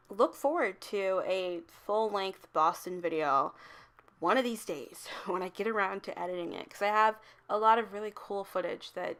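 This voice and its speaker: Chatty young woman vlogger. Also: medium pitch. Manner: chatty, laughs often, animated when telling stories. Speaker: travel vlogger. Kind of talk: casual chat.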